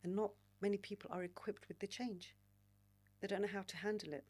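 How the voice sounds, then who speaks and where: A woman in her forties, a podcast guest telling candid stories in an animated, frank way and swearing freely. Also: medium pitch, fairly quick, slightly rough. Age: 40s. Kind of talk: candid storytelling conversation.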